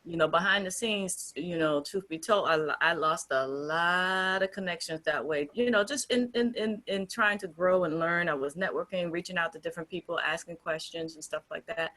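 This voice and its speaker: Low-voiced woman, emphatic and earnest. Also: normal speed, few pauses, bright, forceful tone. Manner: earnest, emphatic, with frequent restarts. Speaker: group founder and co-host. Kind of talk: casual discussion.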